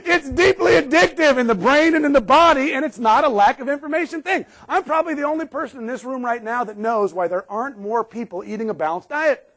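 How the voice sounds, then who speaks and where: A man delivering a live keynote on workplace safety, with a fairly high voice. He speaks with sarcastic humor and often breaks into laughter. He sounds middle-aged, speaking to a room of employees. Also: fast talker, a bit bright.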